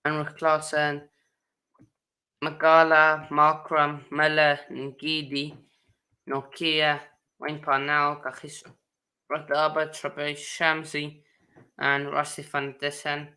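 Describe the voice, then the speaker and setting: A man hosting a casual sports chat, halting and full of fillers and restarts. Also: fairly high pitch, completely flat delivery, bright, forceful tone. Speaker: host.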